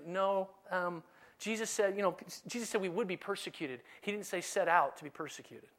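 A man preaching a sermon in a conversational, animated way, now and then dropping to a soft, low delivery. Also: brisk. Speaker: pastor.

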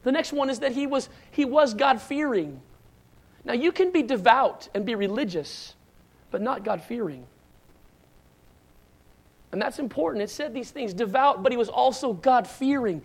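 Preaching as a pastor, a middle-aged man speaks at a moderate pace in an extremely high, creaky voice with lively intonation, pausing often. His sermon of personal stories is loose and conversational, full of restarts and asides, with shouted lines acted out along the way.

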